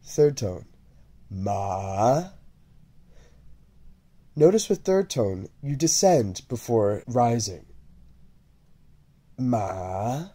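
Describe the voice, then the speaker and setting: A man teaching a language lesson, speaking slowly and deliberately and repeating syllables over and over for the listener to copy. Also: medium pitch, sing-song, mellow, breathy edge. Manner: drawn-out, repeated syllable drills. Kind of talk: slow, deliberate lesson narration.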